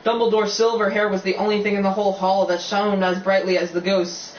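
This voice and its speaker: Faint hiss runs under a dull, distant, roomy recording of an amateur narrating a novel at a fairly quick pace. The medium-pitched, level voice occasionally slips and restarts and wanders into chatty asides.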